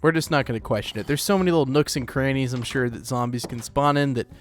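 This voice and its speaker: A man's voice: mid-range voice, fast talker, faint music behind. A man hosting a let's play, rambling casually as he plays, with lots of fillers. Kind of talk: casual gameplay commentary.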